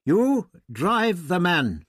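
A man reading an audiobook voices a naive, earnest young man of eighteen who speaks innocently and with gentle reproach. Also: high-pitched, big pitch swings, drawn-out words, slightly rough, no room sound, studio quality, pitched above the performer's own voice, full character voice. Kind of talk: audiobook character voice.

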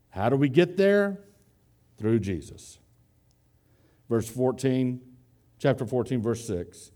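A man preaching a sermon, explaining a Bible passage and slowing down to stress key words. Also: medium pitch, warm tone.

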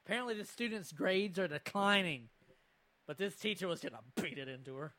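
A man's voice: high-pitched, fairly quick, pushed and bright. A young man hosting a casual podcast, reacting to videos with profane jokes and frequent laughter. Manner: joking, profane, laughs often. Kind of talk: casual chat.

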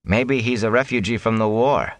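A man reading an audiobook, voicing a cautious young apprentice who speaks slowly and doubtfully. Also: lowish voice, big pitch swings, fairly bright tone, dry recording. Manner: slow, doubtful. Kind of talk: audiobook character voice.

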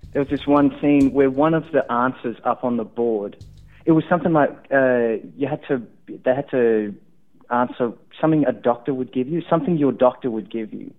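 A man with an Australian accent, a remote guest telling a story in casual chat with rambling restarts. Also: mid-range voice. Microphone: remote call. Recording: tinny phone line.

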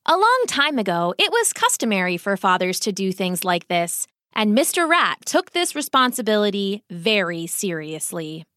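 A woman reading a children's storybook aloud in an expressive, gentle way. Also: medium pitch, normal speed, hardly any pauses, no echo, studio quality.

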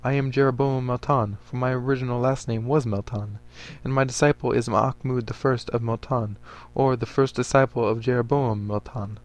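A man's voice: medium pitch, fairly even intonation, normal speed, hardly any pauses, lightly acted. A man voicing an earnest male preacher, a former soldier, who speaks in formal, stiff phrases.

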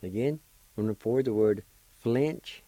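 Middle-aged man, radio language teacher, dark mellow tone, dry close sound, spells words out slowly. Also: medium pitch, dry recording. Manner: slow, careful, syllable by syllable.

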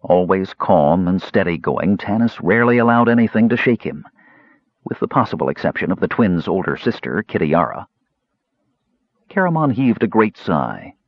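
A man narrating a fantasy audiobook with a very deep, husky voice. His pitch moves expressively, and the recording is dry and a little muffled. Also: dry recording. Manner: expressive, changing voices for characters.

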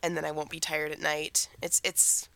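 A woman's voice: low-pitched, completely flat delivery, moderate pace, vocal fry, a bit bright, no echo. A teenage girl co-hosting a podcast, chatting in a rambling way about her week while getting over a cold. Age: teens. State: recovering from a cold. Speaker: podcast co-host. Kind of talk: casual chat.

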